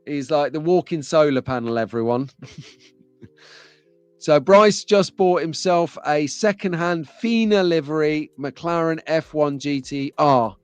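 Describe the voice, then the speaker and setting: A man's voice: on the high side, measured pace, clear, resonant tone, no echo, faint music behind. Chatty jokey English man, dry mic. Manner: chatty and jokey, laughs often. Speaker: live stream host. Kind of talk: casual live chat reading viewer comments.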